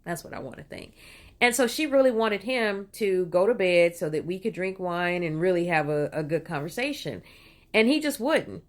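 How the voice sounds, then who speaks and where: A woman's voice: fairly low pitch, moderate pace. A middle-aged woman telling a personal story in a casual, digressive way, with lots of "you know" and "right?", and putting on voices when she quotes people. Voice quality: animated, puts on voices when quoting people. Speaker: vlogger.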